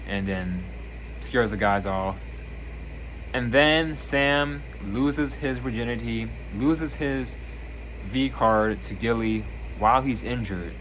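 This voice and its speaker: A man casually reviewing a TV season on his channel, retelling scenes with lively energy and acting out lines. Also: mid-range voice, slow, a little hiss or hum. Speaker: video reviewer.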